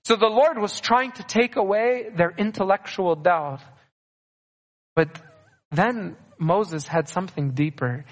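A man's voice: high-pitched, slow. A man preaching a sermon earnestly, repeating key phrases for emphasis. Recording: long reverb of a large hall.

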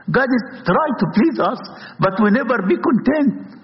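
Brief: male priest with an Egyptian accent, Arabic native speaker, husky, lively pitch, impassioned sermon, dull lo-fi sound. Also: moderate pace, slight background noise. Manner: impassioned, many rhetorical questions. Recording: dull, echoey hall.

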